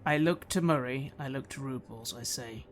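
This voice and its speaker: A man playing a tabletop game, speaking calmly and deliberately for his character. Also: mid-range voice, background noise. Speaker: player.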